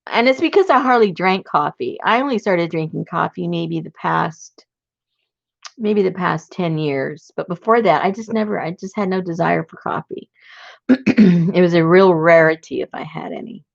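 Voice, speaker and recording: A woman's voice: normal speed, vocal fry, dry recording. A woman chatting casually and laughing often as she rambles through a story, recorded on a video call. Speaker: workshop presenter. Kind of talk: casual chat. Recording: dull, dry low-fi sound.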